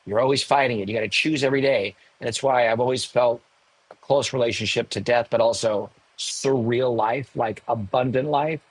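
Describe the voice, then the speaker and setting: A man in his sixties, a podcast guest, telling a personal story candidly, emotional and animated with self-mocking asides. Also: mid-range voice, moderate pace, breathy edge, no room sound, rough recording. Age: 60s. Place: home in the hills above a large city.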